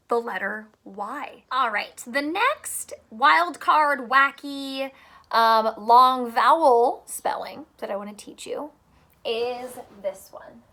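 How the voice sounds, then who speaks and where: A woman teacher with a high, bright voice talks young children through a phonics lesson. She speaks slowly and clearly in a sing-song, playful way.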